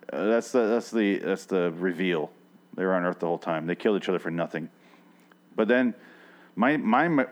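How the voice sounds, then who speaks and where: A man hosting a podcast, recapping an episode in casual, rambling chat full of swearing. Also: fairly low pitch. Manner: rambling and sweary, with frequent restarts. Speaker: podcast host.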